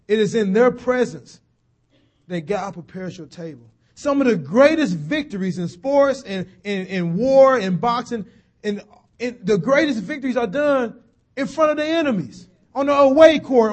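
With a homey, conversational style, a male preacher delivers a sermon, going slower and deeper on important phrases and lifting his voice for emphasis.

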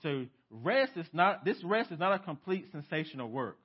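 A male pastor preaching a sermon in a church, emphatic, asking rhetorical questions and swinging from loud to hushed. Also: fairly high pitch, very animated, moderate pace, breathy edge. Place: church sanctuary. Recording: dull lo-fi sermon recording.

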